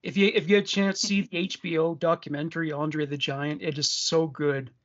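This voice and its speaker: A man's voice: on the high side, steady tone, brisk, fairly bright tone. A man co-hosting a true crime podcast, chatting loosely with many restarts. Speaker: podcast co-host. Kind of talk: casual true crime chat. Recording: dull lo-fi sound.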